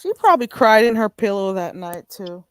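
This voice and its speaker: A woman with a mid-range voice hosts a live stream, gossiping animatedly and reading viewer comments aloud, often drawing out a long "ooh." The sound is clean, with no room tone.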